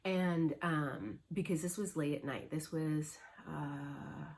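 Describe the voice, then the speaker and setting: A middle-aged woman chatting casually as a cross-stitch vlogger, her voice sitting on the low side. She rambles through stories with plenty of ums and restarts. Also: takes it slowly, gravelly, a little mellow, a little hiss or hum. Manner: rambling, chatty storytelling with many fillers. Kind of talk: casual chat.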